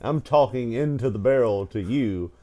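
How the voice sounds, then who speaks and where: A man's voice: mid-range voice, normal speed, mellow. A man co-hosting a casual podcast, telling funny childhood stories with frequent laughter and a tired, stammering delivery. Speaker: podcast co-host. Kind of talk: casual storytelling chat.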